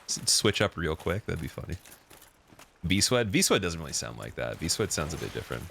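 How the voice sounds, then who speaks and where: A man's voice: low-pitched, very animated, moderate pace, vocal fry, fairly bright tone, slight background noise. A young man with a Canadian accent, chatting loosely on a gaming live stream, rambling with lots of fillers. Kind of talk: casual live-stream chat.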